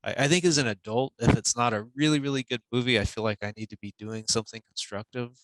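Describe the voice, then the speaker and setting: A man's voice: medium pitch, fast, a bit bright, dry recording, low-quality recording. A man being interviewed as an author, easygoing and chatty, full of "you know"s. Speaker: author guest. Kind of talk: casual interview chat.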